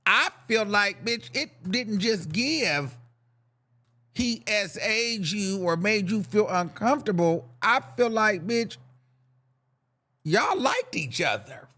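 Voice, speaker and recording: This podcast host is a young man with a high-pitched voice who speaks slowly. Animated and sassy, he talks to himself while dishing campy celebrity gossip full of campy slang.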